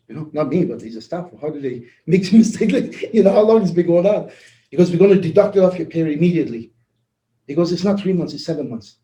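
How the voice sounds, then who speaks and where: A man giving a casual motivational talk, animated and laughing as he acts out conversations. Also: high voice, fast talker, reverberant, slight background noise, low-quality recording. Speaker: network marketing leader.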